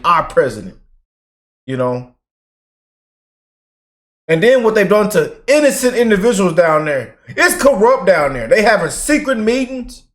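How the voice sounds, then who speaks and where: Fired-up male reaction host. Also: fairly high pitch. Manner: fired-up, repeats himself, swings between loud ranting and quiet asides. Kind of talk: heated reaction commentary.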